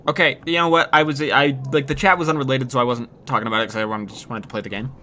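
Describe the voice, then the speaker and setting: Bright-voiced male streamer, joking casually. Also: mid-range voice, fairly even intonation, fast talker, a little hiss or hum. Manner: joking, swearing, reads game text aloud. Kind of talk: casual gameplay commentary.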